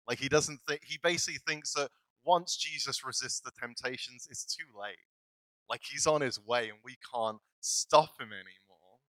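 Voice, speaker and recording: A man's voice: mid-range voice, moderate pace, sharp tone, dry recording, poor audio. A male pastor giving a casual, self-deprecating sermon, laughing often as he talks. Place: church.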